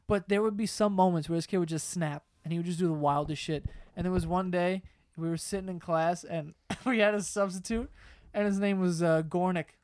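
A young man hosting a podcast, telling school stories to friends in a lively way, laughing, swearing and loudly acting out what people said. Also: high voice, fairly quick, smooth, dry recording. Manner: animated, laughing, swearing, acts out quotes loudly. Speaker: podcast host. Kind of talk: casual storytelling among friends.

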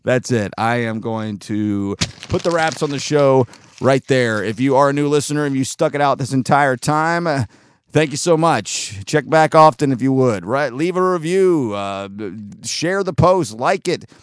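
A male podcast host chatting casually, rambling and trailing off into fillers with easy laughs. His voice is smooth and resonant at a middle pitch. The sound is close and dry. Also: animated, normal speed, no room sound. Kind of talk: casual chat.

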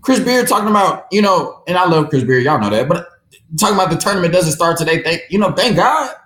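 A man hosting a daily sports podcast, talking casually and ranting in animated disbelief. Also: fairly high pitch, fast talker, reverberant, low-quality recording. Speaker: podcast host.

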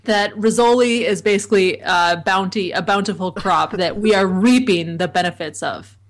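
A woman with a medium-pitched voice and a moderate pace calls in remotely as a podcast guest. She chats casually and comedically, with a dry, self-deprecating sense of humor.

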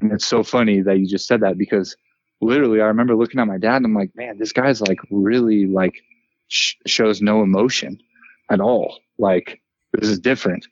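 A man in his thirties, a former player and coach, chatting on a podcast in an even-keeled, relaxed way with lots of fillers. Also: lowish voice, a little fast, no room sound, dull audio. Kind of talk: casual podcast chat.

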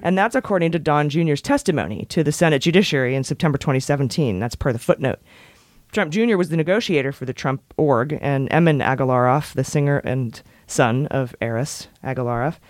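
A woman's voice: sits low, brisk, no room sound, clean studio sound. A woman co-hosting a podcast in casual chat, wry and jokey, breaking into goofy voices and bits of song. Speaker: podcast co-host.

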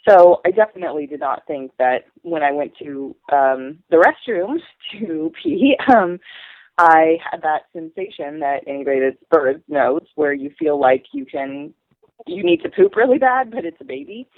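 A woman's voice: low-pitched, big pitch swings, moderate pace, dry recording. Woman over a tinny phone line. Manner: rambling, many ums. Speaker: guest sharing birth story. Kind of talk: casual podcast conversation.

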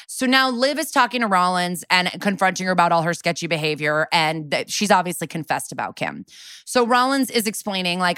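A woman co-hosting a podcast who recaps a TV episode in a lively way, acting out quoted lines and swearing freely. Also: lowish voice, a little fast, no room sound, clean studio sound. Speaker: podcast co-host.

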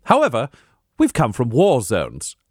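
A man voicing a composed, calculating male noble from off-world in a tabletop role-play game, speaking in a measured, formal way. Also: mid-range voice, wildly swooping pitch, breathy edge, no room sound, clean studio sound, heavily acted. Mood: resolute.

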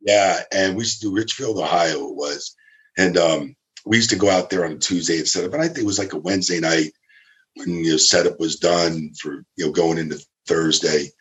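A man casually telling a backstage story, animated and acting out the people he quotes. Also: a little fast. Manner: animated, acts out quotes with big pitch jumps. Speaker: former ring crew member telling stories.

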